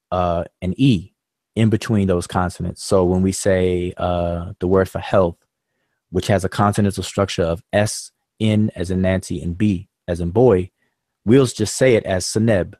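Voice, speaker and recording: A man's voice: low voice, a little slow, a little mellow, no echo. A man hosting a live-stream discussion, patiently explaining points at length with loose fillers and restarts. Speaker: host.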